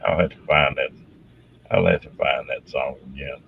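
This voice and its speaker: A hoarse man telling folksy stories in a casual chat, on a dull lo-fi recording. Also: a bass voice, normal speed, dry recording. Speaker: show regular. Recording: dull lo-fi sound.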